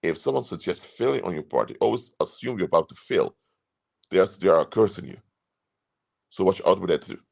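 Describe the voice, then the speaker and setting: A man's voice: low voice, expressive, a little fast, vocal fry, a little mellow, breathy edge. A man speaking as a consultant, giving earnest, emphatic advice and repeating his key points. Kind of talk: advice talk to camera.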